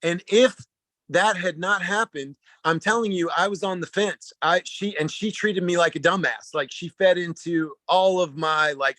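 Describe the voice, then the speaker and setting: Man, personal storytelling, animated, rambling, restarts sentences, brightish higher voice, dry sound. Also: normal speed, no room sound. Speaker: speaker at a talk.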